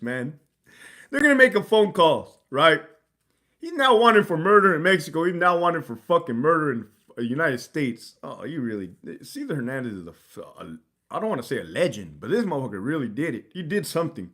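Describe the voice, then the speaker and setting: A man's voice: on the high side, big pitch swings, brisk, fairly bright tone. A man hosting a casual livestream, swearing freely and laughing as he talks to his chat. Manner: profane, laughing, reading chat aloud. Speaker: livestream host.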